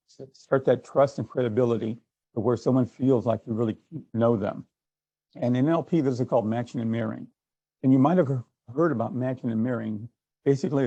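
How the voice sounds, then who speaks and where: Guy running a sales workshop, gravelly, kinda muffled sound. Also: mid-range voice, dark tone, no echo. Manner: conversational, acts out little exchanges. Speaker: sales trainer and speaker. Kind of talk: workshop talk.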